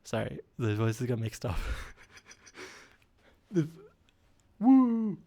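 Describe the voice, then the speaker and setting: A man's voice: lowish voice, slow, vocal fry, mellow, breathy edge, dry recording. A man hosting a solo comedy podcast, rambling and self-deprecating with lots of fillers and a stuffy nose. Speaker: podcast host.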